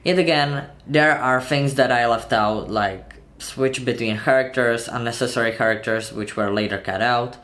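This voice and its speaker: A man at a middle pitch hosts a casual movie breakdown video. He talks chattily, keeps asking viewers to leave comments, and laughs at his own slips. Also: moderate pace, few pauses, fairly bright tone, faint music behind. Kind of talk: casual scripted narration.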